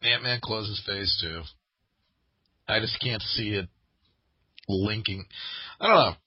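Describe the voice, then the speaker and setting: A man's voice: on the low side, slow, husky, no echo. A man co-hosting a casual podcast chat, hesitant, with many fillers and restarts. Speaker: podcast co-host. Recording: dull lo-fi sound.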